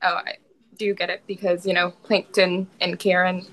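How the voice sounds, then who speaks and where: A woman's voice: lowish voice, level tone, normal speed, noisy background. Female podcast co-host, giggly, casual chatter. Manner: giggly, laughs often. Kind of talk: casual chat.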